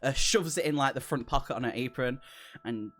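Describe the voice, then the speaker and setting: A man narrating as game master of a tabletop game, relaxed and rambling with many fillers. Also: medium pitch, brisk.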